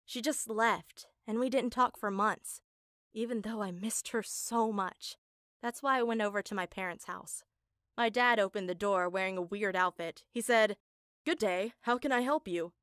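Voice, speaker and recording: A woman's voice: mid-range voice, fairly even intonation, normal speed, a bit bright, no echo, clean studio sound. A woman narrating a first-person story in an earnest, emotional way.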